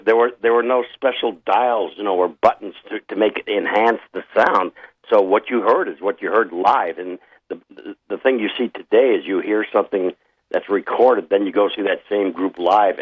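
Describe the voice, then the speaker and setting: Husky low-voiced older New York man. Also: no room sound, narrow, tinny audio. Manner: repeats words, easygoing storyteller. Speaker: band singer, guest. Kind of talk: casual interview chat.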